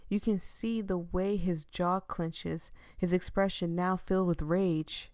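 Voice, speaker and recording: A young woman streamer who reads a visual novel aloud, moving between hushed narration and dramatic outbursts. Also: mid-range voice, measured pace, few pauses, no room sound, studio quality. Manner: expressive, dramatic, shifts between hushed reading and loud reactions. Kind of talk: reading a game aloud with reactions.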